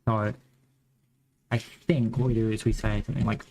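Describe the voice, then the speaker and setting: A man's voice: on the low side, little pitch movement, moderate pace, darkish tone, slight background noise, poor audio. A man with a Western Australian accent who rambles and thinks aloud while coding on a live stream. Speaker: game developer streamer.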